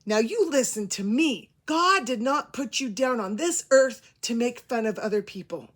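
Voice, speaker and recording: A woman voicing a stern older substitute music teacher who scolds a class in a slow, emphatic way. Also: on the high side, animated, slightly rough. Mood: stern scolding.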